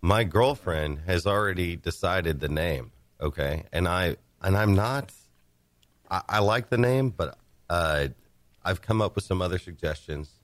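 A man talking in a casual group chat, hesitant, with many pauses and restarts. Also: low voice, no echo. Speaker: guest.

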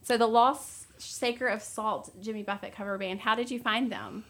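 A woman's voice: a little high, fairly even intonation, normal speed, a bit bright. Upbeat woman host. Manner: upbeat, brief affirmations. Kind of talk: casual interview.

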